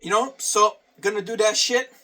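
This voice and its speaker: A man's voice: sits high, fairly even intonation, normal speed, pushed and bright, distant mic. A man talking casually through his day and a workout, repeating phrases and swearing offhand. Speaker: vlogger.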